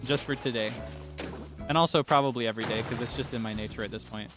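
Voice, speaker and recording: A man's voice: mid-range voice, fast, music in the background. A young man chatting casually while streaming a game, theatrical and playfully whiny, laughing often.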